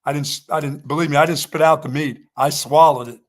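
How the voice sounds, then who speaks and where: A man's voice: fairly high pitch, fairly even intonation, fast. A man co-hosting a sports radio show, telling joking stories in casual chat. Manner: joking storyteller, laughs at himself.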